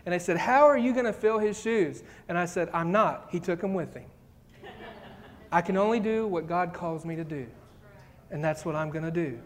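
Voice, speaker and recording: High-voiced man preaching a sermon. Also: fairly even intonation, normal speed, pauses often, a little hiss or hum. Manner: reads scripture, acts out pleas, builds to fervent emphasis. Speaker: pastor.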